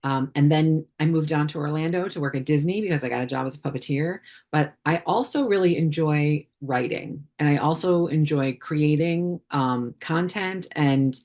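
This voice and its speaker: A woman's voice: sits low, normal speed, few pauses, darkish tone. A woman guest on a podcast, a puppeteer, chatting casually with many fillers and restarts. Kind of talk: casual interview chat.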